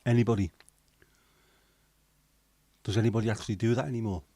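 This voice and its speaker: A man's voice: on the low side, steady tone, brisk, warm tone, no echo. Chatty man hosting a livestream. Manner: chatty, jokey, rambling with small asides. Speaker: livestream host. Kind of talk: casual chat reading viewer comments.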